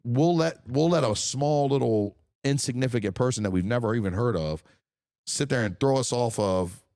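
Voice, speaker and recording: A man's voice: medium pitch, moderate pace, a little mellow, no echo, studio quality. A man hosting a casual podcast, talking in an emphatic, profane, ranting way. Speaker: podcast host.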